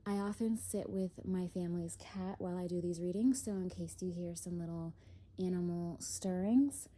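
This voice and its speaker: A young woman doing a casual spiritual chat as an oracle card reader, slightly out of breath, airy and unhurried, with soft laughs. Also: fairly low pitch. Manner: slow, airy, lots of "if you will" and soft laughs. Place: home, indoors.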